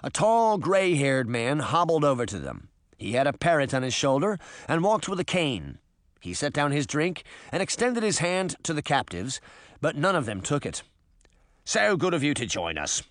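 A man reading a children's adventure novel aloud with expressive, varied narration. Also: a little high, moderate pace, no room sound, studio quality. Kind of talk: audiobook narration.

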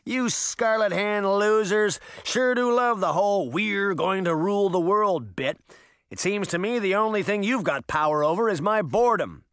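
A man's voice: high-pitched, normal speed, fairly bright tone, smooth, dry recording, clean studio sound, voice pushed up. A man doing a cocky taunting uncle. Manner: wisecracking, taunting. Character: cocky, mocking adult uncle.

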